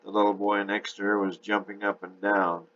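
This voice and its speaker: A man narrating a novel chapter in a steady storytelling manner. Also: lowish voice, moderate pace, dull audio.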